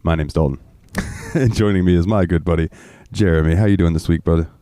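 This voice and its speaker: A low-pitched man hosting a podcast, spinning loose, foul-mouthed stories full of ums and asides. His voice sits close and dry on the mic, with no room sound around it. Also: brisk, warm tone, no echo. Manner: rambling, profane anecdotes with filler words. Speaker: podcast host. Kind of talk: casual storytelling chat.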